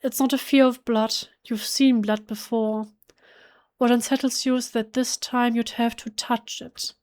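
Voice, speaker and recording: A woman's voice: a little high, steady tone, a little slow. A woman whose first language is German, reading a horror game's text aloud in English during a let's play, emotionally and with frequent restarts. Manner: emotional, hushed, with self-corrections.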